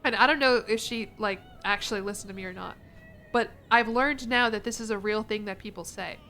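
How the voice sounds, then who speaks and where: A young American woman chatting casually on a stream, animated and quick to laugh as she answers her chat. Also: medium pitch, soft background music. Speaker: vtuber streamer.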